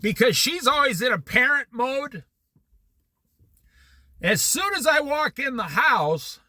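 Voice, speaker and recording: Animated man telling a Bible study story. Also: very high-pitched, slow pace, no echo. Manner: animated storytelling, laughs often. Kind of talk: anecdotal Bible study talk.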